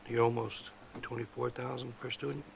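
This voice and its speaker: A man's voice: mid-range voice, level tone, moderate pace, vocal fry, slight background noise. A man on a school committee asking direct, number-focused budget questions at a meeting.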